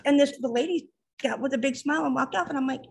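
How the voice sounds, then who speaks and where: A mother in casual conversation, telling an animated story about her teenage daughter. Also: high voice, fast talker, creaky, slight background noise. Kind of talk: casual chat.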